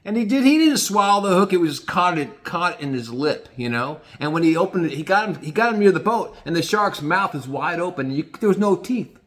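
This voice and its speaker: A man's voice: high-pitched, expressive, fairly quick, few pauses, fairly bright tone. A man casually telling a rambling, profane story, often restarting his sentences.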